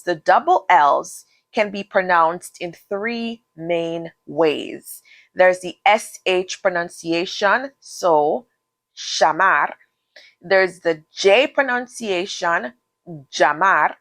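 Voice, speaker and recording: A woman's voice: on the low side, dry recording. A woman teaching a beginner Spanish lesson, spelling words out letter by letter and modeling pronunciation for the listener to repeat. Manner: switches between English and Spanish, modeling pronunciation. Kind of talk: scripted language lesson.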